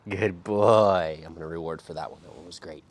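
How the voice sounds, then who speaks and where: A man working as a dog trainer runs a puppy through drills outside, describing each step and at times switching to high sing-song praise. His delivery is monotone and rapid-fire.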